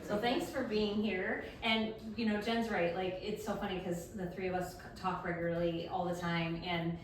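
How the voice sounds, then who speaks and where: A woman's voice: on the low side, fairly even intonation, normal speed. A middle-aged woman, a coach who also teaches elementary school, talking casually to an audience, with many "like" and "you know" fillers. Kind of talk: casual talk to a live audience. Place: large room at a community event. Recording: echoey room, distant mic, faint background noise.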